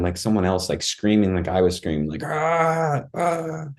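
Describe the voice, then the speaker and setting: A man's voice: low-pitched, mellow. A man, a podcast guest, recounting a personal experience in casual, vivid storytelling, acting out his own cries and saying "like" and "dude" often.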